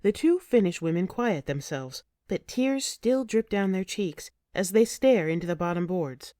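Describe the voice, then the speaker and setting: Expressive woman narrating an audiobook. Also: medium pitch, unhurried, no room sound, studio quality. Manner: expressive, emotive storytelling. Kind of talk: first-person audiobook narration.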